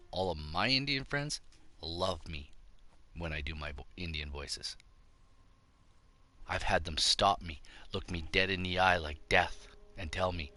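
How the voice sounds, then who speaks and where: A middle-aged man hosts his own show and delivers a combative monologue straight into the mic. His voice sits very low, with a hard, sharp, tense edge. He lectures bluntly and preaches at his listeners. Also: measured pace. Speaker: show host. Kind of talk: ranting opinion monologue.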